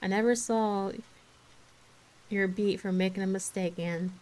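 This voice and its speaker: A woman voicing a stern, practical older woman who scolds in a brisk way during a book reading. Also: medium pitch, fairly even intonation, a little mellow, lightly acted. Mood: dry.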